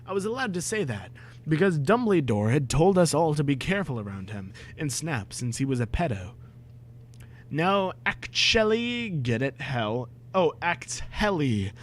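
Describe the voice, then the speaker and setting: A young man reading a badly written story aloud, breaking off for sarcastic, exasperated asides and shouted outbursts. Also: a little high. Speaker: comedic reader. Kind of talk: dramatic reading with mocking commentary.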